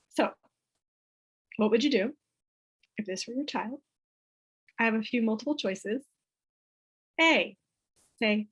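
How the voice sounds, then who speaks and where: A woman's voice: on the high side, expressive, unhurried, pauses often, a bit bright, husky, muffled recording. A woman leading a parenting workshop for a group, chatty and peppering her talk with "right?". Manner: chatty, keeps asking "right?".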